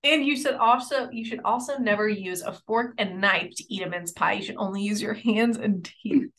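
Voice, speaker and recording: A young woman co-hosting a relaxed podcast chat. She giggles often and talks loosely, filling her sentences with "like". Her voice sits at an ordinary pitch for a woman. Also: normal speed. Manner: giggly, chatty, says "like" a lot. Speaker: podcast co-host. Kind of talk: casual chat.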